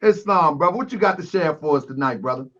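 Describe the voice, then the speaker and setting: A man's voice: a little high, animated, fast talker, a bit bright. A man hosting a call-in show, arguing emphatically with callers and repeatedly calling them brother. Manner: emphatic, keeps calling people brother, raises his voice. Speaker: talk show host taking callers. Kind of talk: heated call-in debate. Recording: lo-fi online broadcast audio.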